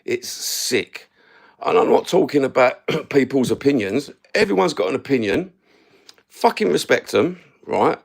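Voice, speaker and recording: A man's voice: mid-range voice, vocal fry. A man ranting to camera, blunt, sweary and heated, standing while he films himself. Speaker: YouTube content creator. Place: standing somewhere, filming himself.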